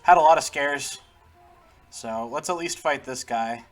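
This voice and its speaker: Faint music sits behind this gaming host's unhurried, mid-range voice. He delivers chatty let's-play commentary, laughing often and talking to the game's characters.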